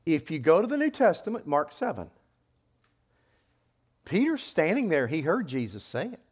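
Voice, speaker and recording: Animated preacher man, lively pitch. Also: moderate pace, breathy edge. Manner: animated, acts out quoted voices with sudden loud high outbursts. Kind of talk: sermon.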